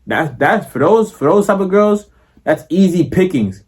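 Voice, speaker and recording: A man's voice: on the high side, a little slow, husky. A young man, talking in a casual, profane monologue and acting out the other people in his stories. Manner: slangy, profane, animated, acts out quoted voices. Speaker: vlogger.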